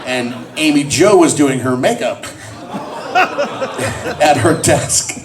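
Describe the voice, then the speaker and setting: A man's voice: on the high side, slow, distant mic, noisy background. A man telling jokes and stories to a convention crowd at a panel. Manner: joking, animated storyteller. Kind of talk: comedic panel talk to a crowd.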